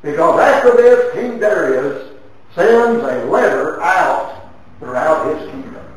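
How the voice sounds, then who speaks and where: A man's voice: very animated, takes it slowly, distant mic. Man preaching in an echoey hall. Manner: dramatic storytelling with sweeping swings of pitch and loudness. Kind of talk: sermon.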